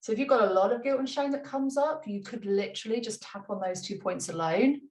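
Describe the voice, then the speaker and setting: A woman coaching a tapping routine in a chatty, light-hearted way, repeating gentle step-by-step instructions and laughing at herself. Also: fairly high pitch, fairly quick. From United Kingdom. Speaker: money mindset coach. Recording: roomy room, mic at a distance.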